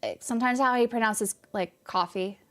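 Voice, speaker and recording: A young woman from California, with a light accent and a voice on the high side, chats on a game stream at a normal speed while faint music plays behind her. She answers chat casually, in a rambling, laughing manner.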